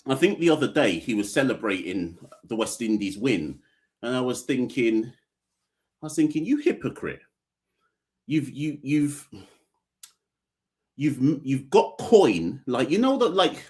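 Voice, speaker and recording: A man's voice: medium pitch, breathy edge. A man hosting a live cricket podcast stream, reading super chats and giving blunt opinions in slangy, playful talk. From Caribbean. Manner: joking, playful fake fitness-instructor bit. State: out of breath. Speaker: podcast host.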